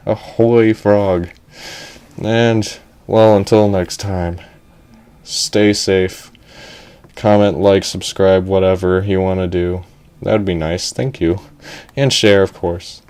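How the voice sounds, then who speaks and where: Man, rambling storyteller, excitable, chuckling, lowish voice. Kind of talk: improvised storytelling.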